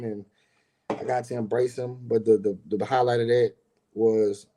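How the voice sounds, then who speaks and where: A man's voice: mid-range voice, flat delivery, normal speed, mellow, slight background noise. A middle-aged man casually telling a personal story as a podcast host, loose and conversational, with lots of "you know what I'm saying".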